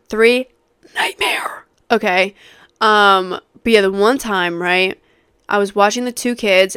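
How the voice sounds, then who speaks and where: A woman in her twenties hosting a podcast, telling a story in a casual, animated way, swearing freely and using many fillers. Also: medium pitch, smooth, no room sound, studio quality. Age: 20s. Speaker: podcast host.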